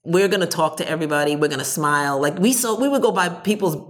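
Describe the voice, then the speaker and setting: A woman guest on an interview podcast, telling long, animated stories with quick asides. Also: fairly low pitch. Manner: animated, talkative storyteller, rambling asides. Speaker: podcast guest, business owner. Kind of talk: casual storytelling interview.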